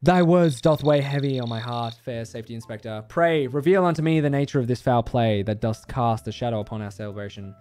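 A man's voice: mid-range voice, a little fast, hardly any pauses, a little mellow, close to an everyday voice. A man voicing a flowery young nobleman in love, reading grandiose lines in archaic, theatrical phrasing. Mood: solemn. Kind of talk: reading game chatbot lines aloud.

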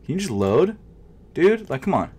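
A man who vlogs about sneakers, commenting casually while trying to buy shoes online, muttering in frustration and jumping between loud outbursts and whispers. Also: fairly high pitch, big pitch swings, moderate pace, husky. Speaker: sneaker vlogger.

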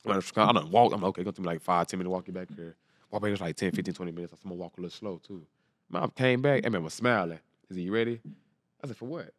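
A deep-voiced young man in his twenties, a football player, races through an emotional story in a casual storytelling interview, telling it earnestly. He's animated and acts out all the characters' lines; the recording is dry and studio quality.

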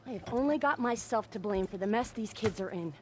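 An actress playing a bitter, sharp-tongued middle-aged wealthy wife in a video game cutscene, scornful and quick to curse. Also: female voice, medium pitch, expressive, a little hiss or hum, close to an everyday voice. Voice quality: scornful, cursing.

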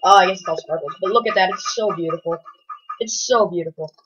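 A woman hosting a gaming channel, giving casual gameplay commentary, excitable and rambling, often bursting into loud exclamations. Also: fairly low pitch, rapid-fire, breathy edge. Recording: dull lo-fi home recording.

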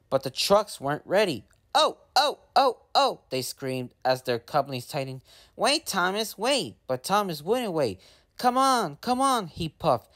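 A man reading a children's storybook aloud in a steady, gently expressive way. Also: fairly high pitch. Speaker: storybook narrator.

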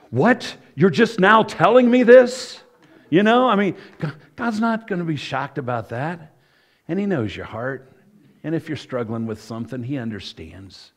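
A middle-aged man, a pastor, giving a conversational sermon full of asides and self-corrections. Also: lowish voice.

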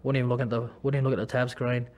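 An Australian man talking about his own life in a personal testimony. He speaks in a halting way, with many restarts and fillers. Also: medium pitch, flat delivery, darkish tone, slight background noise. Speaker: former rugby league player.

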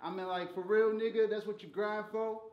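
Loud, mocking man rapping battle bars. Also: high voice, level tone, normal speed, roomy sound, dull audio, a little hiss or hum. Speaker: battle rapper. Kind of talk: a cappella battle rap.

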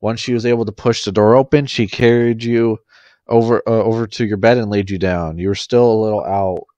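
A man's voice: lowish voice, fairly even intonation, brisk, dark tone, dry recording, dull audio. A man reading a fan fiction story aloud in an unpolished way, often restarting lines. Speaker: story reader.

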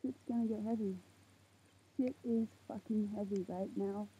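An eighteen-year-old woman ranting to camera outdoors at night, heated and swearing, with a very husky voice. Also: medium pitch, steady tone, normal speed, mellow. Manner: heated, swearing, preachy outbursts. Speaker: vlogger. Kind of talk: impassioned rant to camera. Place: outdoors in a parking lot at night under a makeshift roof. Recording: tinny phone-like lo-fi sound.

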